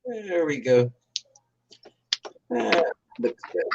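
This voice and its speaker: A woman's voice: deep voice, sing-song, drawn-out words, creaky, highs cut off, noisy background. A woman co-hosting a casual crafting livestream, rambling and joking about her painting mess. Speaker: co-host crafter.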